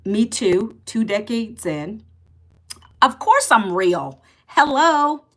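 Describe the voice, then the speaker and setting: On a casual live stream, a fifty-something woman with a rather high voice speaks very animatedly but at a slow pace. She welcomes viewers by name and replies to comments, meeting rude ones with blunt sarcasm.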